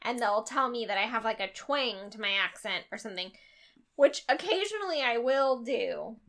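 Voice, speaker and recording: A woman's voice: a little high, lively intonation, moderate pace, fairly bright tone. A woman from Northern California, a mom and podcast co-host, chatting casually and laughing often. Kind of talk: casual chat.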